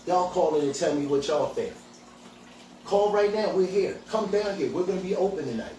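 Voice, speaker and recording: A man's voice: high voice, lively intonation, moderate pace, dark tone, slight background noise. A man hosting a podcast, ranting bluntly and profanely. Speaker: podcast host and hemp dispensary owner. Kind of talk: angry outspoken rant. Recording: echoey room, voice from far off, faint ambience.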